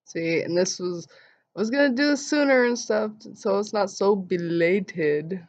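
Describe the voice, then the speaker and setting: A young woman vlogger telling an animated story and acting out the quotes in voices. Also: mid-range voice, a little slow. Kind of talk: casual storytelling vlog. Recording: dull lo-fi sound.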